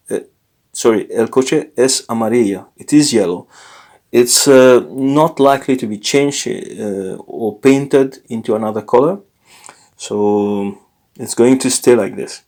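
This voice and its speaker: Man teaching a lesson, halting and self-correcting. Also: mid-range voice, a little mellow. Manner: unscripted, self-correcting, frequent fillers and restarts. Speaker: language teacher. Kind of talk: informal recorded lesson.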